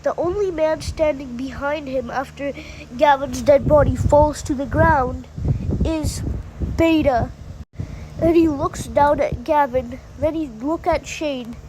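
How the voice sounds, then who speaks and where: Slow, high-voiced woman storyteller. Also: noisy background. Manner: breathless plot recap, many "and then"s. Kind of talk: casual fan-fiction retelling.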